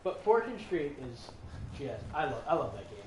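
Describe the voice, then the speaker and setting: A lively man laughs often as he co-hosts a gaming playthrough, telling stories animatedly over the gameplay in a fairly high voice at a moderate pace. He isn't from any one place, having lived all over, and the room is echoey with background noise.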